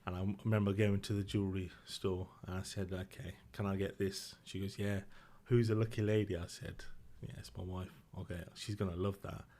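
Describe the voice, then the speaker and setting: Middle-aged man, podcast guest, low voice, quiet and halting, emotional storytelling. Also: level tone. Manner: subdued, emotional, halting with restarts. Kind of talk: personal storytelling.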